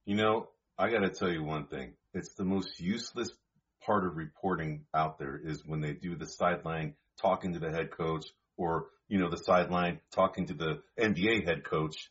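Low, husky-voiced sports co-host man. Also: moderate pace, a bit bright, muffled recording. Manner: easygoing, conversational, repeats words. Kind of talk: casual sports talk.

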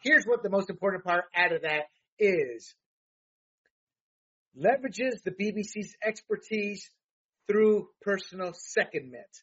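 A man with a high, husky voice talks politics in a heated, halting way, full of fillers and restarts. The recording sounds dull and lo-fi. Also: animated, fairly bright tone. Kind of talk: casual political talk.

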